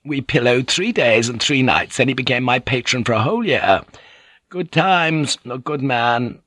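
A man's voice: medium pitch, normal speed, fairly bright tone, no echo, pitched above the performer's own voice, close to an everyday voice. A man lifts his voice to play an older, earthy teahouse madam, knowing and sly, with a chuckle under every line. The reading is close and dry, with no room in it. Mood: shrewd. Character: shrewd, earthy older woman running a teahouse.

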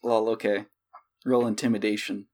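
A man's voice: lowish voice, little pitch movement, normal speed, a little mellow, a little hiss or hum. A man narrating as game master of a tabletop role-playing game, talking loosely with many fillers.

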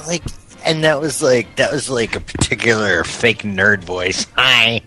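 A man's voice: fairly low pitch, animated, measured pace, bright, forceful tone, faint music behind. A man bantering crudely with friends, joking and laughing often. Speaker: show regular. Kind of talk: casual banter.

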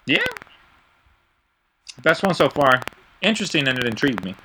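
A man hosting a casual podcast chat over an online call, teasing his co-hosts with quick questions. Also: medium pitch, big pitch swings, sharp tone, a little hiss or hum, low-quality recording. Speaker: podcast host.

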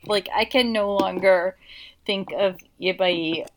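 A woman's voice: medium pitch, takes it slowly. A woman chatting casually, rambling and explaining eagerly with lots of filler words. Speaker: co-host. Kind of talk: casual chat.

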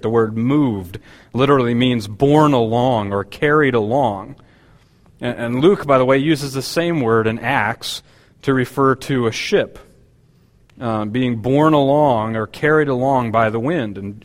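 A man's voice: mid-range voice, long reverb tail. A man preaching a Bible-teaching sermon, explaining a passage with frequent restarts and fillers. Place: church hall.

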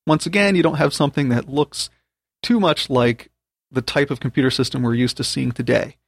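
Gravelly man patiently dictating commands. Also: mid-range voice, fairly even intonation, fairly quick, dry recording, clean studio sound. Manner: patient, spells out commands step by step. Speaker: podcast host teaching a topic. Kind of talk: spoken tutorial.

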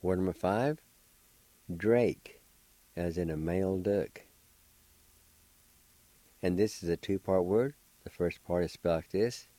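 A man's voice: low-pitched, slow pace, pauses often, dark tone, dry recording, rough recording. A middle-aged man, patiently spelling and pronouncing words as a radio language teacher. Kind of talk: slow spelling and pronunciation lesson.

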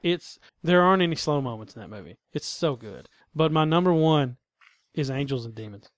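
Male podcast host, casual and profane banter, fairly high voice, dry close sound. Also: expressive, a little fast, dry recording. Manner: crude, laid-back joking.

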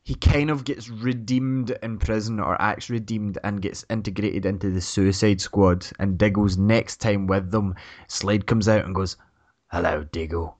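A man's voice: lowish voice, steady tone, unhurried, a little mellow. A man hosting a casual podcast who rambles through his ideas, jokes and laughs at himself. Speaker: podcast host. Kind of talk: casual chat.

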